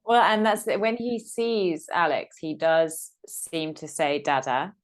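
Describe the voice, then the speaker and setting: A woman's voice: sits low, steady tone, measured pace. A young woman, a guest mother, chatting cheerfully about her baby. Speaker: guest parent. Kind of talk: casual chat.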